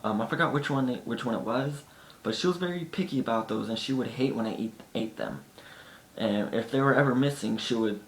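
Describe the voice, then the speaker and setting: Man telling stories to camera, chatty, mid-pitched, echoey room with a faint low rumble. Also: a little fast. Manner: chatty, often acts out friends' lines. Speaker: vlogger. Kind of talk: casual storytelling to camera.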